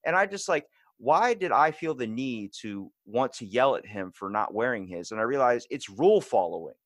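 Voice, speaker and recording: Male podcast guest, animated storyteller, dry close mic. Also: mid-range voice, no echo. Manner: fast-talking, animated storytelling. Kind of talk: casual chat.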